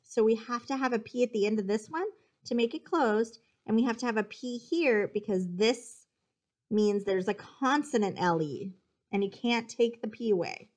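A woman's voice: a little high, normal speed. A woman teacher giving a spelling dictation lesson, patiently sounding out syllables and explaining the rules.

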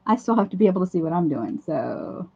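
A hoarse woman hosts a casual craft livestream, chatting through each step as she works at a home craft table. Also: on the low side, mellow. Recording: dull lo-fi livestream audio.

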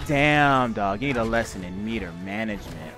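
A man trash-talking his opponent while commentating a fighting game, loud and profane, mocking him with repeated taunts. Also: lowish voice, expressive, normal speed, faint music behind. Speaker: gaming video host and player.

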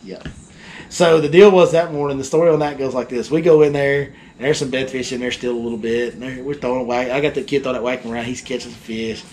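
A fishing guide telling a story in casual chat, animated and acting out the people in it. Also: male voice, medium pitch, quick pace, slight background noise.

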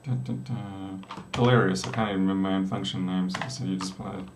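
Live-streaming his coding, a middle-aged man from South Australia chats and rambles with jokes along the way. He talks at a racing pace in a low voice with fairly even intonation; the background is noisy, and a distant mic catches the echo of his small room with a door.

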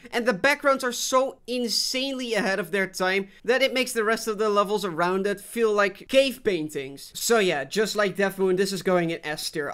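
A man's voice: high voice, fairly bright tone. A young man giving casual, sarcastic gameplay commentary as a gaming YouTuber, swearing and laughing often while he plays and ranks levels.

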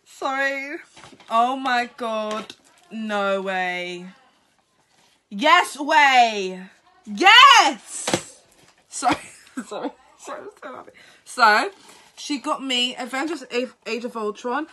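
A tired woman vlogger unboxing gifts at home, talking in an excitable, apologetic way. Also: on the high side, takes it slowly. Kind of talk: unboxing vlog.

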